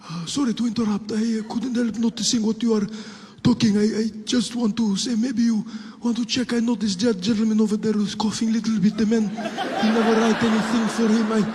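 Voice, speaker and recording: A man voicing a nervous, polite male passenger from the Middle East with a Middle Eastern accent, talking haltingly with many pauses and apologies. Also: high-pitched, level tone, a little mellow, pitched above the performer's own voice, lightly acted. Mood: hesitant polite. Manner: hesitant, halting, full of "uh" and apologies. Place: comedy stage. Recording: echoey live venue with long reverb and audience noise.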